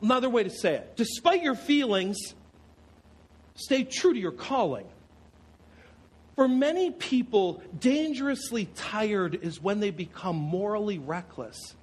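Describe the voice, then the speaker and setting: A man preaching with a high, lively voice that rises and dips a lot. His tone is a little husky, and he leans on rhetorical questions and dramatic pauses as he delivers the sermon. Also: poor audio. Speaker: pastor.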